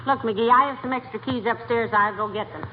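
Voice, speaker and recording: A woman's voice: fairly high pitch, brisk, a little hiss or hum, natural voice. An actress playing a patient, dry-witted wife in a 1940s radio comedy, teasing her husband. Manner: dry and teasing, calls him dearie. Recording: tinny 1940s radio broadcast.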